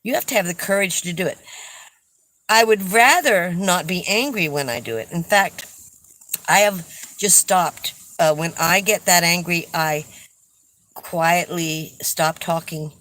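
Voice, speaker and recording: A woman's voice: on the low side, measured pace, a bit bright, slight background noise, low-quality recording. An older woman hosting a casual livestream, chatting and telling stories with frequent laughs. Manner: chatty, storytelling, laughs often. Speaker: livestream host reading viewer comments.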